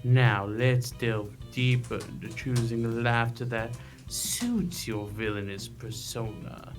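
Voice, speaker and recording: Brief: man voicing a measured lecturer on villain laughter, unhurried delivery, game score underneath. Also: medium pitch, natural voice. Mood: lecturing. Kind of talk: reading game dialogue aloud. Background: game music.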